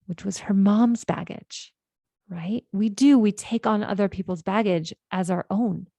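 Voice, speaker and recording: A woman's voice: mid-range voice, unhurried, gravelly, mellow, no echo, clean studio sound. A woman life coach hosting a podcast, explaining ideas in an earnest, conversational monologue and often checking in with "right?".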